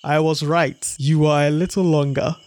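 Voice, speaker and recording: A man reads as a crafty spider trickster in a storybook. The voice sits a little high and stays smooth and persuasive. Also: level tone, moderate pace, a little mellow, dry recording, lightly acted. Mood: sly. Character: clever scheming male spider trickster. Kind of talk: storybook read-aloud.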